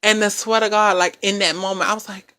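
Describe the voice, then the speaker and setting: A man with a high-pitched voice telling a personal story in a casual chat, acting out the quoted lines. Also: brisk, clear, resonant tone, no echo, studio quality. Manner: animated storytelling, acts out quotes. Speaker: podcast co-host.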